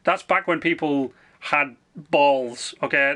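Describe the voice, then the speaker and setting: A man's voice: on the high side, sharp tone. A man streaming a video game, chatting casually and rambling with frequent swearing. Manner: rambling, swears freely, quick asides. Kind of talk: casual live-stream chat.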